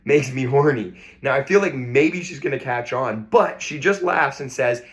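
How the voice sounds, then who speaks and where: A young man from Toronto, a comedian telling a funny story with wry deadpan asides and sudden animated punchlines. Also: mid-range voice, normal speed. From Toronto, Canada. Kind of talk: stand-up style storytelling to camera.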